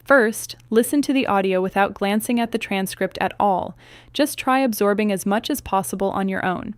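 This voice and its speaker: A woman narrates a scripted English lesson in an even, measured delivery. Her voice is smooth and clear, at a middle pitch. The sound is dry and close, with no room around it. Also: no echo. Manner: even, measured instructional reading. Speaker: English teacher.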